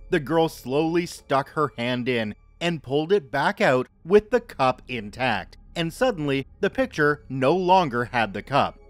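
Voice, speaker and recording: A man narrating a scripted horror story in a measured, even reading voice. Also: fairly high pitch, no echo.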